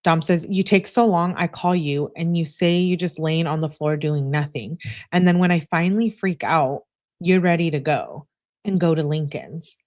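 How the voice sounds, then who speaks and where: A young woman reading out text messages aloud, adding quick asides of her own. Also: low voice, a little mellow. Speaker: true crime commentator.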